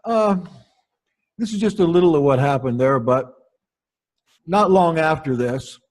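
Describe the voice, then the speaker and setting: A pastor telling wry, anecdotal stories from the pulpit in an unhurried way. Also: male voice, on the high side, expressive, darkish tone. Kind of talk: storytelling sermon.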